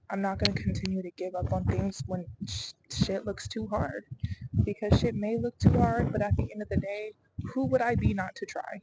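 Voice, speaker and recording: A woman's voice: on the low side, noisy background. A young adult woman talking through her doubts in a rambling, earnest personal vlog, her delivery swinging to emphatic bursts. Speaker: vlogger.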